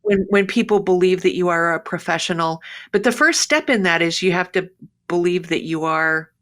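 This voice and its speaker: A middle-aged woman talks with a bright, forward tone as a guest on a podcast. She tells stories in an animated way and slips into little voices for the people in them. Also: fairly low pitch, normal speed. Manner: acts out both sides of a joke with lively voices. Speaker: pharmacy professor, podcast guest. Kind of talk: casual interview, animated joke telling.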